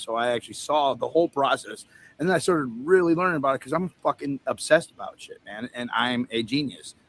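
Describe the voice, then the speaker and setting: A man's voice: mid-range voice, fairly bright tone, slight background noise. A man hosting a livestream in a casual, rambling, profane way, telling stories and laughing at his own jokes. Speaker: livestream host. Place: outdoor event setup with a tent.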